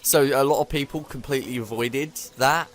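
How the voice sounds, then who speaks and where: A man's voice: mid-range voice, brisk. Chatty man swearing between laughs. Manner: rambling, swears freely, laughs often. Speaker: gamer co-host. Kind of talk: casual chat while gaming.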